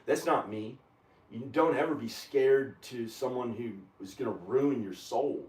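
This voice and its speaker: A man at home in his kitchen, rambling in an agitated, meandering monologue with frequent pauses and fillers. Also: mid-range voice, a little mellow. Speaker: video maker. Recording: echoey room, camera far from the mouth.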